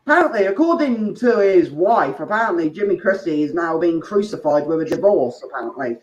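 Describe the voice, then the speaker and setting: A man's voice: sits high, animated, a little fast, hardly any pauses. A man doing an open mic stand-up set, telling crude rambling stories with asides to the crowd. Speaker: stand-up comedian. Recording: echoey room, muffled dull sound, faint noise.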